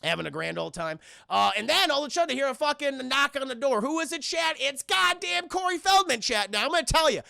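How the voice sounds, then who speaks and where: Gravelly, profane man reviewing films. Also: high-pitched, no echo, clean studio sound. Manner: profane, animated, keeps addressing chat. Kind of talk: casual film review commentary.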